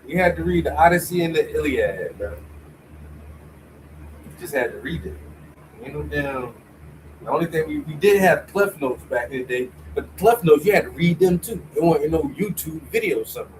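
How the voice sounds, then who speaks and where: A man rants in a mocking, slangy way, pitched somewhat high. He sounds a little far from the mic, with faint noise behind. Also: animated, normal speed. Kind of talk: casual ranting.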